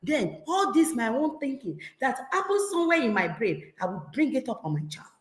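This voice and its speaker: A woman with a Nigerian accent, a parenting coach giving a lively talk and acting out scolding parents. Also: a little high, moderate pace. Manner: animated, acts out scolding parents. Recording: echoey room.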